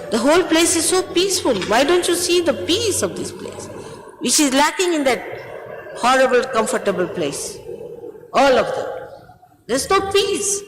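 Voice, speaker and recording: A spiritual teacher gives a talk in which she sternly scolds her followers, her pitch swinging widely from phrase to phrase. The recording rings with the long echo of a large hall, and the background is noisy.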